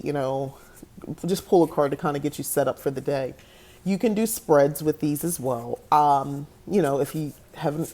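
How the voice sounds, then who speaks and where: Chatty low-voiced woman host. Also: mellow. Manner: chatty, laughs often, goes on tangents. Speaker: podcast host. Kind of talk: casual talk to camera.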